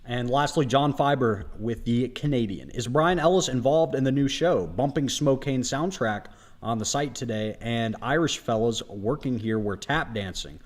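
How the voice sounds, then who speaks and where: A man reads viewer donations aloud during a casual livestream. His delivery is matter-of-fact, at an ordinary middle pitch. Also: normal speed. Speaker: livestream co-host reading donations. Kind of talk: reading donation messages aloud.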